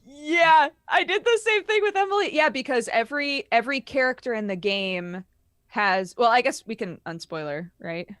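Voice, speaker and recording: A woman co-hosting a podcast, chatting casually about games as an animated, laughing storyteller who swears freely. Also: on the high side, moderate pace, no echo, clean studio sound. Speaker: podcast co-host.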